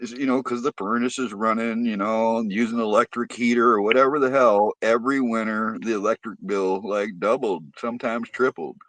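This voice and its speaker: A man's voice: lowish voice, steady tone, brisk, hardly any pauses, fairly bright tone, no echo. A man on a podcast telling a story in casual, profanity-heavy talk, getting heated as he goes.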